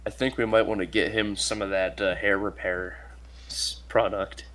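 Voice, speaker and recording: A man with a somewhat low voice, co-hosting a relaxed chat. He makes playful jokes and laughs easily. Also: moderate pace, crowd noise. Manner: joking, laughs a lot. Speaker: co-host. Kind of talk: casual chat.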